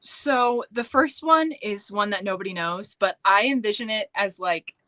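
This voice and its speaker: A woman's voice: medium pitch, normal speed, sharp tone. A woman co-hosting a live writing stream, chatting casually in a bubbly, gushing way and laughing often. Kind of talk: casual chat.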